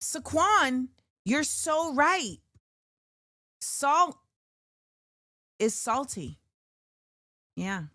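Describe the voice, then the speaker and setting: A woman's voice: high voice, very slow, long pauses, no room sound, studio quality. A woman hosting a show, chatting animatedly about music, reacting to viewer comments and breaking into snatches of song. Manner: animated, sings snippets and reacts to chat. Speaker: talk show host. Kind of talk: casual livestream commentary.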